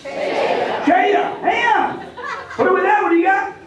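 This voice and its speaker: A humorist with a thick Maine accent teaches a live crowd to talk like a local, joking and pulling them into call-and-response. His voice is very high and flat, rapid-fire, and the recording is very noisy: an echoey hall with a distant mic and an audible audience.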